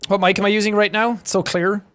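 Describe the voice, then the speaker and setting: A young Irish man riffs through a casual livestream, teasing and mimicking accents between chat messages. His voice sits fairly high and comes through a clean studio mic. Faint music plays underneath. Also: fast, smooth. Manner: joking, animated, mimics accents for laughs. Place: home streaming setup. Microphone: studio shotgun mic with filters.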